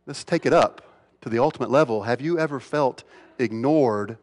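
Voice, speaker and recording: A man preaching a sermon as a pastor, asking rhetorical questions and swinging between loud emphatic lines and hushed ones. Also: mid-range voice, moderate pace. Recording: long reverb of a large hall.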